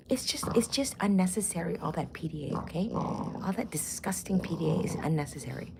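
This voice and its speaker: A woman's voice: on the low side, lively intonation, fairly quick, vocal fry, background noise. A woman in her forties chatting casually and profanely to camera as a vlogger, full of jokey asides. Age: 40s.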